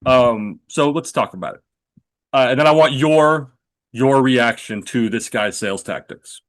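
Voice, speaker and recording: A man's voice: medium pitch, unhurried. A man in his thirties hosting a podcast, telling a long self-deprecating story in a rambling, casual way with lots of filler words. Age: 30s. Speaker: podcast host.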